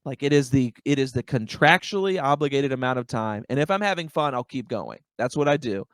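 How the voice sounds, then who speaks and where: A young adult man, a stand-up comedian, telling a story as a podcast guest in an animated, filler-heavy way, often saying "like" and "dude". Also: mid-range voice, a little fast, no room sound. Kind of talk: casual storytelling chat.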